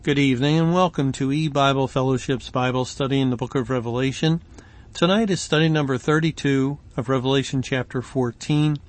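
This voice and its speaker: A man teaching a Bible study, reading scripture and explaining it slowly with frequent pauses and fillers. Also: mid-range voice, faint music behind. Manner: slow and deliberate, with frequent ums and pauses.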